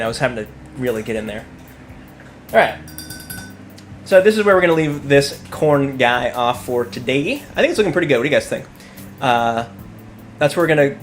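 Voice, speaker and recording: A man casually chatting on a live stream as he paints miniatures, joking and rambling as he thinks aloud. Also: medium pitch.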